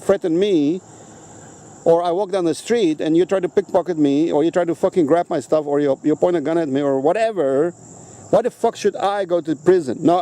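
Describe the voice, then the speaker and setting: A man's voice: sits high, warm tone. A man ranting bluntly outdoors, swearing constantly and hammering his points home with repeated "okay?" checks. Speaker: vlogger. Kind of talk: outdoor rant to camera. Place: outdoors on a rock at sunset.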